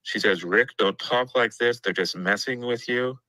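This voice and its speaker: A man reading courtroom notes aloud in a steady, matter-of-fact way as a guest on a livestream discussion. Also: mid-range voice, normal speed, no echo, rough recording.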